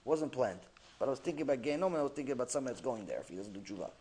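A rabbi giving a Torah lecture, animated and acting out the quotes he tells. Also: mid-range voice, racing, a little hiss or hum. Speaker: rabbi teaching.

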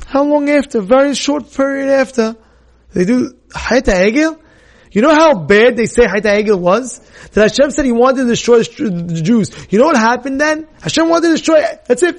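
A middle-aged man giving an animated Torah sermon, dropping to hushed storytelling and then rising to shouts, with Hebrew terms mixed in. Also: sits high. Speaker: rabbi giving a weekly Torah talk.

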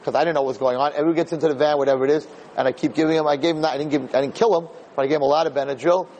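Rabbi guy, kinda high voice, acts out all the dialogue, repeats himself, bit of hum behind. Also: fairly even intonation, very fast, darkish tone, lo-fi sound. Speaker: rabbi and teacher. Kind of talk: storytelling Torah talk.

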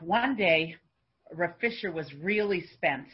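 Woman, husky voice, earnest religious storyteller, fervent urging, dull lo-fi recording. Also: fairly low pitch, animated, takes it slowly. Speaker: religious teacher.

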